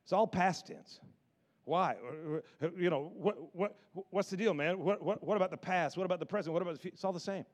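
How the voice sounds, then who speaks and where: A man preaching a sermon in an animated, repetitive style that builds in emphasis. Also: high-pitched, brisk.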